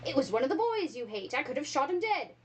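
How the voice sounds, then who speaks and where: A woman's voice: high voice, very animated, fast talker, a little hiss or hum, pitched above the performer's own voice. A woman voicing a hot-headed male pirate crewman in a storybook read-aloud, urgent and protesting.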